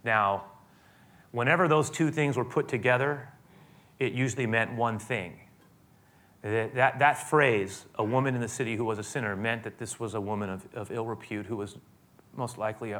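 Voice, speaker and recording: A man preaching a sermon, retelling a scripture scene with many restarts, dropping to hushed tones and rising to emphatic peaks. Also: lowish voice, normal speed. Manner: storytelling with frequent restarts, swinging from hushed to emphatic.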